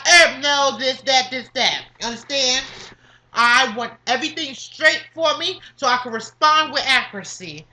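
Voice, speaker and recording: A woman rants straight to her camera in a high, bright, cutting voice. She swears freely and stacks up emphatic jabs, circling back to "understand?" to drive each point home. The tone is sassy, comedic and full of attitude. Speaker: vlogger. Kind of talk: profane comedic rant to camera.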